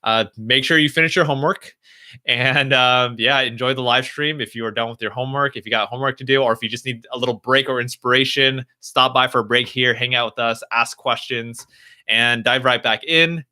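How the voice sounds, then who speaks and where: A young man answering viewers' questions on a live stream, speaking gently and reassuringly, thinking aloud as he goes. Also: mid-range voice, steady tone, brisk.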